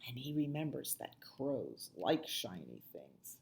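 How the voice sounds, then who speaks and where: A woman librarian reading a picture book aloud at children's storytime, with soft asides to the kids. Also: very deep voice, sing-song, creaky. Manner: slow, sing-song, with soft asides to the children.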